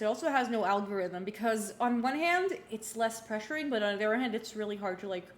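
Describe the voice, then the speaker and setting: A young woman in her twenties, a streamer chatting casually and recapping a game, rambling with many fillers and restarts. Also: fairly high pitch. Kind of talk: casual livestream chat while playing. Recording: roomy room echo, faint background hum.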